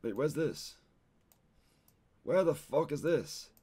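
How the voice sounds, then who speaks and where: A man's voice: a little high, expressive, slow pace, warm tone, husky. A young man streaming a guessing game, frustrated and swearing, tacking "mate" onto almost everything he says. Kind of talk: casual live-stream gameplay commentary.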